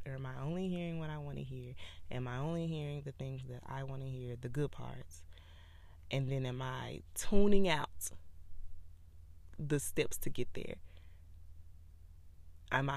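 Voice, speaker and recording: A woman hosting a podcast, talking casually about parenting and faith in an animated, preachy way. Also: deep voice, moderate pace, creaky, no room sound. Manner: animated, preachy, acts out quoted voices. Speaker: podcast host.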